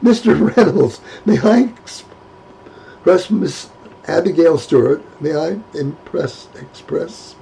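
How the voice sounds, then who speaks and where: A man with a gravelly voice voicing a jovial gentleman who stutters through his words, pitched up. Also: takes it slowly, slight background noise, exaggerated voice, low-quality recording. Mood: amused. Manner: stuttering, laughing, raised pitch.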